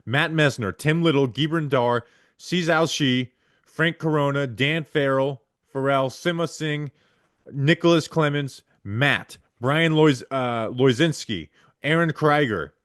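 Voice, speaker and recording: Man, podcast host, reading names, mid pitch, dry close sound. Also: fairly bright tone, no echo. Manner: rapid list-reading with stumbles over names. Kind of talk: reading supporter names aloud.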